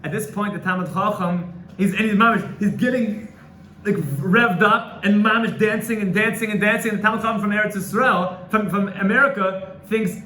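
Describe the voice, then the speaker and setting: High-voiced man telling a dramatic story. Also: moderate pace, pushed and bright. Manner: emotional, repetitive, stammering restarts. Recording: echoey room with faint noise.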